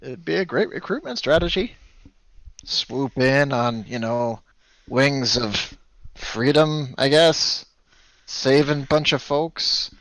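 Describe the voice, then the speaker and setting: A man's voice: medium pitch, expressive, slow, a bit bright, no room sound. A man playing a tabletop game, arguing his point in a persuasive, pushy way. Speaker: player. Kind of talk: in-character tabletop play.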